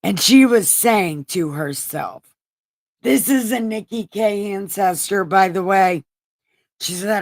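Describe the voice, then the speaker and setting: Woman, irreverent Bible retelling, unhurried delivery, dry close sound. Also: medium pitch, darkish tone, no echo. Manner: profane, sarcastic asides. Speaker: host reading scripture.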